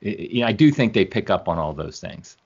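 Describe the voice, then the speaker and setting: Over muffled, lo-fi video call audio, a middle-aged interview guest chats casually with a deep, creaky, husky voice. He talks a little fast with big pitch swings, rambling, frequently chuckling and fixing his own words mid-sentence.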